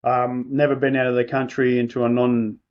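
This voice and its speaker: A softly spoken man with an Australian accent, a guest on a podcast, talking hesitantly with many pauses and restarts. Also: medium pitch, level tone, muffled recording. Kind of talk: casual interview chat.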